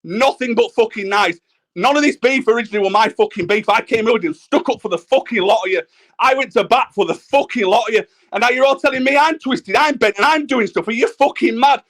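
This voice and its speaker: A man's voice: very high-pitched, a little fast, fairly bright tone. A man in a heated livestream panel argument, ranting angrily and swearing constantly.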